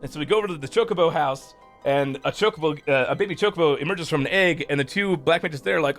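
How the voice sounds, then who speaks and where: A man's voice: a little high, quick pace, soft background music. Rambling, foul-mouthed streamer man. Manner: rambling, profane, animated retelling. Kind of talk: casual game story recap.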